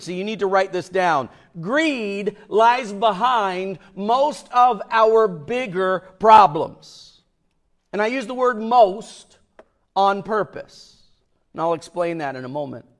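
A male pastor preaching a sermon in an emphatic way, dropping to a hush and then rising loud for emphasis. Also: high voice, animated, slow. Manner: emphatic, with swings between hushed and loud.

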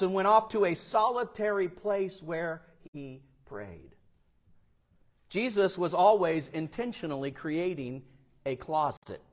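Male pastor, sermon, storytelling, fairly high voice, quoted voices loud and soft. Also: expressive, slow pace. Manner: storytelling, acts out quoted voices with big swings in loudness.

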